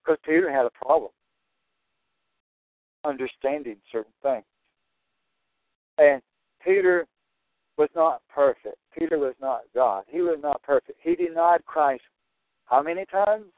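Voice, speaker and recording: A man's voice: fairly high pitch, a little slow, long pauses, no echo. A man teaching through a Bible passage verse by verse, stressing and repeating his key points. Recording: tinny phone-like dry sound.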